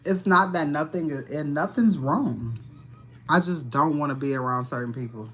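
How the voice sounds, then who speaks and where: A woman's voice: deep voice, moderate pace. A woman giving a casual livestream tarot reading, talking in a blunt, profane, slangy way and sounding tired and annoyed. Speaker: tarot reader.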